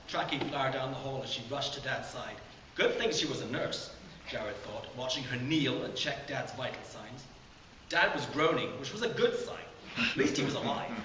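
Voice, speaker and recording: A man reading from his own novel at a launch party, expressive and chuckling at his own jokes. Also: medium pitch, normal speed, a little hiss or hum. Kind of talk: animated reading aloud of a novel. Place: community center room at a launch party. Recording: echoey community center room.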